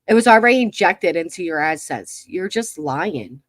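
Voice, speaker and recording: A woman with a fairly low voice and lively intonation talks at a moderate pace, hosting a livestream commentary channel from her computer. Mocking and exasperated, she addresses her viewers and chat through a computer mic, and the recording is dry with clean studio sound.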